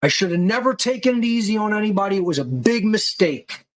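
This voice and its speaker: A man's voice: high voice, expressive, fairly quick, rough recording. A male podcast host giving an angry, aggressive monologue full of profanity and insults.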